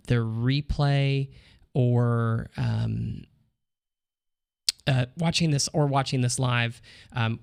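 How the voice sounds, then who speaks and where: A man co-hosting a live online Q&A, reading out viewer comments in a relaxed, chatty way. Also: medium pitch, clean tone. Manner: relaxed, chatty, frequent ums and laughs. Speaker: co-host reading viewer questions.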